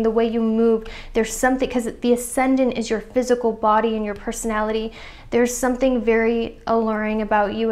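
A young woman giving a pick-a-card tarot reading straight to her viewers, earnest and chatty, full of "I feel like" and "you know". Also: on the high side. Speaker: tarot reader.

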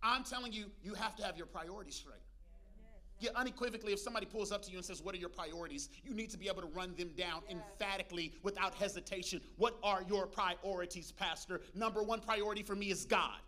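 A man preaching a lively sermon as pastor, calling out to the congregation and joking between points. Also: high-pitched, fast. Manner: preachy call-and-response with congregation, humorous asides. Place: church.

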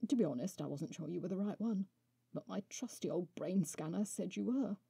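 A woman voicing a male winged horse-like beast in a storybook reading, speaking slowly and teasingly. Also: fairly low pitch, expressive, vocal fry, dark tone, slightly rough, no echo, heavily acted. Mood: drawling, mocking.

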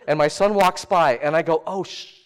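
A middle-aged man giving a storytelling sermon at a church service, chatty and self-deprecating, shifting between hushed asides and loud animated bursts. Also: on the high side, normal speed, slight background noise. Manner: conversational, self-deprecating, often asks "right?". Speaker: guest preacher.

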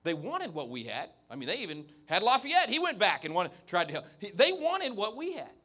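A male keynote speaker talks briskly in a high-pitched voice with wildly swooping pitch and a sharp tone. In front of an evening audience at an event venue, he uses a handheld mic, speaking with emphasis and many restarts.

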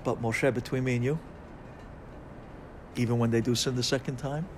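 A man, a rabbi, giving an impassioned sermon that swings from hushed to loud. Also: medium pitch, fairly even intonation, moderate pace, a little hiss or hum.

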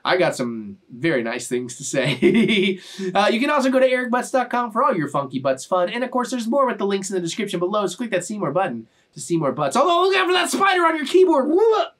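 A man's voice: high-pitched, a little fast. A man, hosting a reaction channel and rambling playfully to his viewers. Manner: animated, rambling and playful, with sudden shrieks and laughs. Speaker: YouTube reaction channel host. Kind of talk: casual chat to camera.

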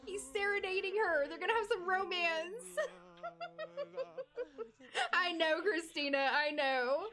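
A woman's voice: extremely high pitch, a bit bright. A young adult woman streaming a life-sim game, chatting, laughing and coaxing her characters along. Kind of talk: live game commentary.

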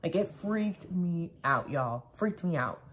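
A woman's voice: fairly low pitch, expressive, takes it slowly. Chatty woman vlogging from home. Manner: chatty, rambling, full of "like". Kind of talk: casual vlog chat. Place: home kitchen.

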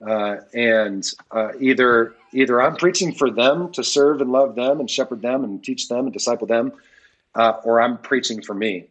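A man's voice: mid-range voice, moderate pace, muffled recording. A man, a pastor, speaking as a guest on an interview podcast, earnest and repeating key phrases for emphasis.

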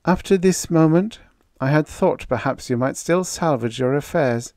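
An audiobook narrator voicing Ermin, a calm, courteous male agent who speaks in a gentle, precise and formal way. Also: on the high side, normal speed, no echo, studio quality, voice pushed up, natural voice. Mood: even, probing.

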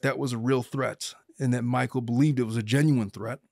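A man's voice: medium pitch, fairly even intonation, fairly quick, vocal fry, a little mellow, dry recording. Opinionated guy lawyer podcasting, blunt and emphatic, dead dry sound. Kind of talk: casual legal commentary chat.

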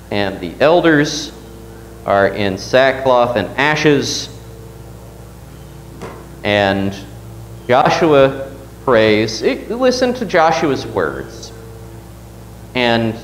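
A man's voice: medium pitch, reverberant, slight background noise, rough recording. A man teaching a Sunday Bible class at church, reading scripture aloud and asking the class questions.

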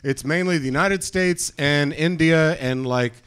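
A man's voice: fairly high pitch, a little slow, a bit bright, clear, resonant tone. A man hosting a comedy open mic, bantering with comics and hyping them up between sets. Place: small live comedy venue.

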